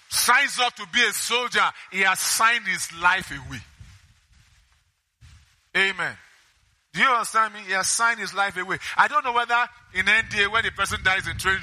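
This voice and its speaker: A man's voice: high-pitched, pushed and bright. A man preaching a sermon, reading scripture aloud and putting questions to his congregation. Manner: call-and-response questions to the congregation; reads scripture aloud between remarks. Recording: echoey hall.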